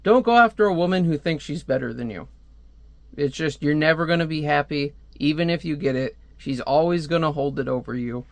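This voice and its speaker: Young male comic reviewer, slightly high voice, rambling and chatty, dry close recording. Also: animated, brisk, dry recording. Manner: rambling, chatty asides with frequent fillers. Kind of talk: casual comic book review.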